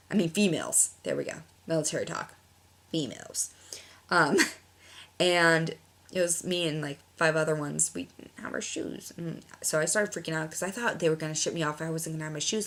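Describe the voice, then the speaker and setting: A young woman with a low voice and a gravelly, fry-laden edge chats to the camera in a casual vlog. She rambles through her story with lots of fillers and self-corrections. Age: young adult. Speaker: vlogger.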